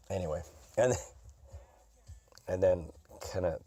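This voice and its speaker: Deep-voiced rambling podcast man. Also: unhurried, warm tone, soft background music. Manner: rambling, mumbling, profane. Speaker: podcast host. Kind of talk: casual solo podcast chat.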